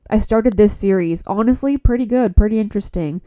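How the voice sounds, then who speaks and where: Podcast host: a worn-out woman from Canada with a blocked nose, mellow tone, blunt and profane, chatting solo into a phone. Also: mid-range voice, a little fast. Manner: rambling, frank, swears often. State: stuffy nose; tired. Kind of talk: casual solo podcast chat. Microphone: phone mic.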